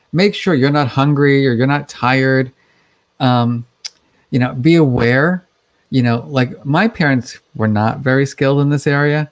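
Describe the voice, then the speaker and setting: A man's voice: medium pitch, moderate pace. A man speaking as a guest expert in a conversational interview, explaining things in a chatty way with many fillers.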